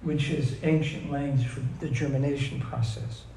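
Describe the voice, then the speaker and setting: A man preaching a sermon, emphatic, reading scripture slowly and asking his listeners questions. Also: mid-range voice, fairly even intonation, creaky, dark tone, echoey room, slight background noise, low-quality recording. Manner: emphatic, asks the audience questions, reads verses slowly.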